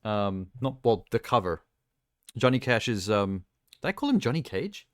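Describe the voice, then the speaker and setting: A man's voice: on the low side, sing-song, measured pace, no echo, clean studio sound. A man streaming live, chatting casually in a rambling, ranting way and laughing at himself. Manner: rambling, ranting, self-amused.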